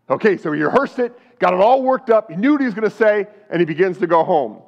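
A man's voice: high voice, expressive, fast, few pauses, dull audio. A male pastor preaching a sermon, telling a story with animation and asking the congregation questions.

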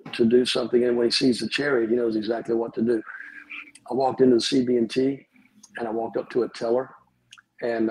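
A man's voice: mid-range voice, husky, low-quality recording. A man, a pastor telling his personal testimony as an interview guest and acting out the dialogue vividly. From Georgia, USA. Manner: vivid storyteller who acts out dialogue.

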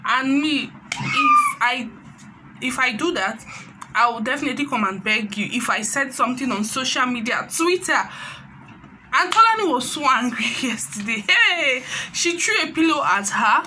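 A woman with a Nigerian accent chatting through a casual gossip recap of a reality show, animated and sprinkling in Pidgin phrases. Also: sits high, moderate pace, a little hiss or hum, poor audio.

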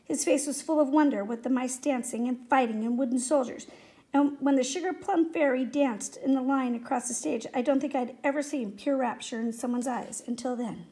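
High-voiced woman reading a story aloud. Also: normal speed, dark tone. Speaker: reader.

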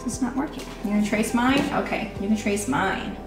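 A woman patiently teaching her toddler at home, repeating simple questions and giving warm praise. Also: mid-range voice, a little fast. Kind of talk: homeschool teaching, one-on-one with a child. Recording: roomy room sound with music behind.

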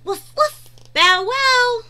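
A woman voicing a small playful puppy that barks happily in high yappy woofs. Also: extremely slow, sharp tone, heavily acted. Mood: playful barking.

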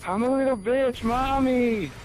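A man's voice: extremely high pitch, a little hiss or hum. A man mocking as a whiny bratty boy. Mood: mocking whine. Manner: mocking, whining, drawn-out sneer. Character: whiny bratty boy gamer crying to mommy. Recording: loud gunfire from game audio.

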